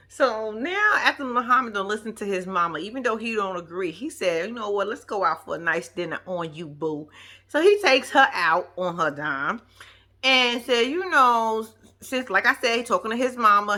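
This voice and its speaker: A woman with giving a slangy, animated casual recap of a reality show, acting out the quotes. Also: fairly high pitch, moderate pace.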